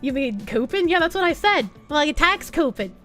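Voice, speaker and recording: A young woman with a Boston accent, streaming and chatting casually with her chat in an animated way, swearing often. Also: high voice, normal speed. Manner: animated, swearing, laughing, bursts into loud put-on yells. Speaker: streamer reading chat messages. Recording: faint music behind.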